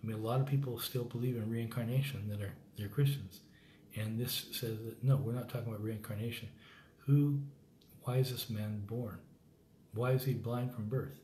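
A man's voice: medium pitch, steady tone, normal speed, mellow. An American man hosting a Bible reading program, giving rambling, earnest, informal commentary that often breaks off and restarts. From United States. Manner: rambling, self-interrupting, earnest. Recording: echoey room with faint background noise.

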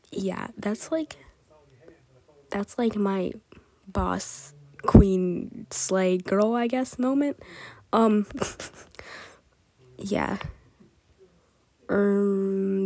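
Soft-spoken young woman rambling. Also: medium pitch. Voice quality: soft, partly whispered delivery. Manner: giggly, filler-heavy storytelling. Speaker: art vlogger. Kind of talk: casual rambling chat over drawing footage.

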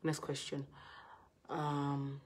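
A woman's voice: deep voice, monotone, extremely slow. A woman with a Nigerian accent giving blunt, scolding relationship advice in a live video session.

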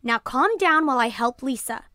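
A woman's voice: high-pitched, expressive, normal speed, pushed and bright, dry recording. A woman doing a firm, dry-toned mother. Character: firm, patient mother, woman, middle-aged.

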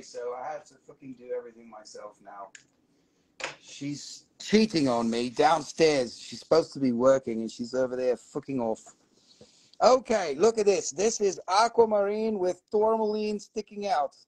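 Gravelly, profane live-stream rock seller. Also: male voice, high voice, a little mellow, dry recording, low-quality recording. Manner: rambling and profane, swearing often. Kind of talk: casual live sales stream.

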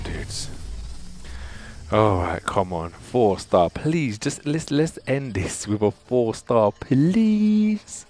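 A man hosting a gaming channel, commenting on opening game crystals, excitable and exasperated, pleading with the game and calling his viewers dudes. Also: fairly low pitch. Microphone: desktop mic.

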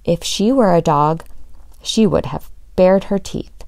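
Teacher lady reading a kids book out loud, low gravelly voice, dry close sound. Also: unhurried, dry recording. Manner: expressive storybook reading. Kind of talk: reading a children's chapter book aloud.

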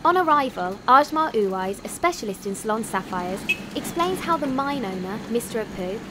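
A woman giving scripted documentary narration in an even, informative voice-over. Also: fairly high pitch, moderate pace, heavy background noise. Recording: voice-over with music behind. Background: music.

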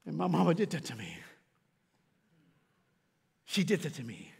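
A middle-aged man preaching a sermon as a pastor, swinging from shouted peaks to quiet, low asides. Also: normal speed, gravelly, long pauses, husky. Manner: animated preaching, rising to shouts then dropping low. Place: church sanctuary. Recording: long reverb of a church hall.

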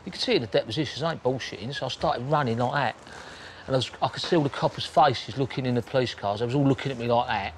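A plain-spoken man spins a rough tale in his own words, cursing freely and jumping into quick voices for the people in it. His pitch sits mid-range, with a faint hiss of noise behind him. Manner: blunt, swearing, acts out scenes with quick quoted voices. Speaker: interviewee recounting his crimes. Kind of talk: casual storytelling.

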